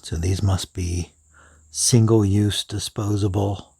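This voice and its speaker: A man with a very low, husky voice talks through a product review, musing aloud at an unhurried pace and slipping into soft whispered asides. The sound is close and dry, with no room around it. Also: fairly even intonation, no room sound. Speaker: pen reviewer.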